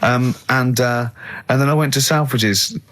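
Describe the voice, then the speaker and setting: English male radio host, mid-pitched, teasing, anecdotal studio chat. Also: unhurried, fairly bright tone. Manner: laughs often, teasing, anecdotal. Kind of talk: casual radio banter.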